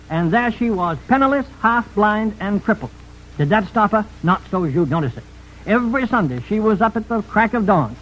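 A man's voice: high-pitched, dull audio. A man telling a story in a folksy radio style, chatty asides to the listener.

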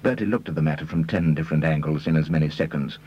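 A man reading a story aloud in a measured storytelling manner. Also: a bass voice, highs cut off. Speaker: audiobook reader. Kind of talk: scripted narration.

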